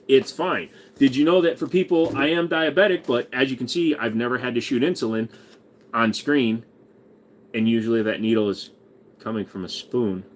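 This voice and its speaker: A man's voice: on the high side, slight background noise. A man hosting a casual livestream, rambling in a crude, profane, joking way. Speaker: livestream host.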